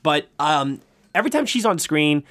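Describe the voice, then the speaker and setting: A man hosting a casual film review chat, talking haltingly with frequent restarts and repeated words. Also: on the high side, very animated, fairly bright tone, no room sound. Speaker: film review podcast host.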